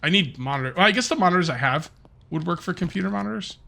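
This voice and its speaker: A man's voice: high voice, lively intonation, quick pace, gravelly, sharp tone, a little hiss or hum. A middle-aged man giving casual, rambling commentary while playing a survival game, thinking aloud and muttering to himself. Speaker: gaming video host.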